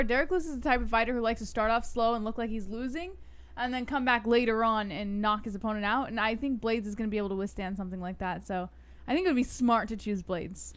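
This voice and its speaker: High-voiced woman reading stream chat. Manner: brisk, reads out chat messages. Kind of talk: casual live-stream chat.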